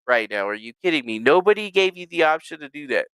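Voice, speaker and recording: A man streaming from his home setup, ranting casually and profanely, swearing at his own software. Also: on the high side, sing-song, brisk, smooth, dry recording, clean studio sound. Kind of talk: casual livestream rant. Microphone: desk microphone with noise gate.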